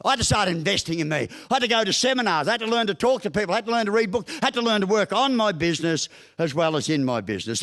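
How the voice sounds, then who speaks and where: Brief: Australian man, 60s, high voice, crude-humoured motivational speaker. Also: fairly bright tone. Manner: broad, joking storyteller with crude humour. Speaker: guest speaker. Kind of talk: motivational after-dinner talk. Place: function room at a business breakfast.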